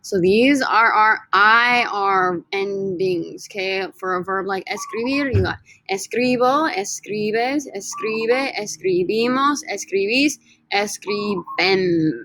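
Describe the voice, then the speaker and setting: Woman, language teacher, bright voice, dry close sound, step-by-step drilling. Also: mid-range voice, slow pace, no room sound, rough recording. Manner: explains step by step, drills words for students to repeat. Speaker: Spanish teacher. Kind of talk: recorded classroom lesson.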